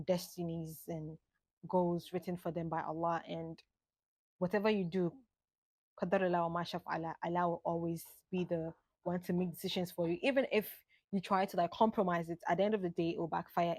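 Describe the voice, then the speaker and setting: A young woman in her late twenties talks to camera in a thoughtful solo monologue, her speaking voice sitting on the lower side. She drifts loosely from thought to thought. The sound is close and dry, with no room around it. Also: little pitch movement, darkish tone, dry recording. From Ghana. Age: late 20s. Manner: musing, unhurried, drifts between thoughts. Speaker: vlogger. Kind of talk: reflective monologue.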